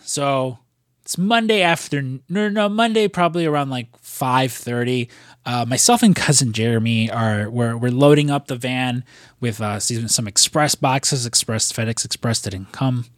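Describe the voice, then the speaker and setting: A man's voice: mid-range voice, normal speed, dry recording, studio quality. A man co-hosting a casual podcast, talking in a rambling way with lots of fillers and casual swearing. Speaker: podcast co-host.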